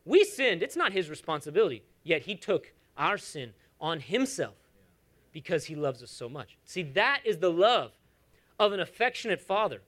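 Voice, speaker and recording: High, lively-voiced male pastor preaching. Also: normal speed. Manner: animated, conversational preaching with asides and humor. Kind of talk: sermon.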